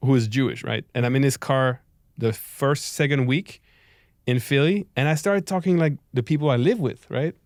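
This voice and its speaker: A man's voice: mid-range voice, normal speed, a little mellow, no room sound, studio quality. A young man with a French accent, a stand-up comedian telling stories in a casual podcast chat and acting out the people he quotes. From France. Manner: storytelling, acts out quoted voices.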